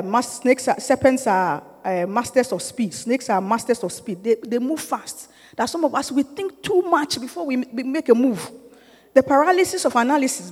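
A woman's voice: fairly high pitch, darkish tone, big-room sound. A middle-aged woman giving an informal sermon-style teaching to a church group, conversational and often checking in with her listeners, growing emphatic and urging.

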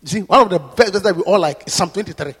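High, lively preacher in an echoey hall. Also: male voice, fast talker, husky. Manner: emphatic, repeats questions to the congregation. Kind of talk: sermon with live interpretation.

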